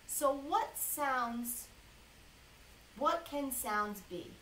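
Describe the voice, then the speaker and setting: Slow, bright-voiced woman teacher. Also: on the high side, lively intonation, distant mic, slight background noise. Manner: slow, clearly enunciated, encouraging. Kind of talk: reading a lesson to young children. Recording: echoey room, a bit off-mic.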